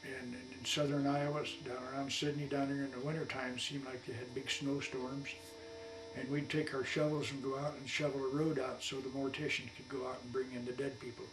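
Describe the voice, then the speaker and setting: A man's voice: medium pitch, little pitch movement, brisk. Elderly man telling old stories, echoey. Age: 80s. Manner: rambling folksy colloquial storyteller. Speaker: war veteran interviewee. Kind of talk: oral history storytelling. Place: at his home. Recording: echoey room, distant mic, faint hum.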